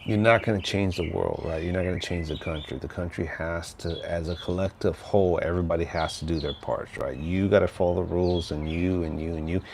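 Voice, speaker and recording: An older man with a very deep, low voice talks through a relaxed livestream outdoors by his house. He rambles easily and keeps checking in with a "right?". Birdsong can be heard faintly behind him. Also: gravelly, noisy background. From Texas. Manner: rambling and laid-back, often tags on "right?". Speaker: livestream host. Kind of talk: casual livestream chat.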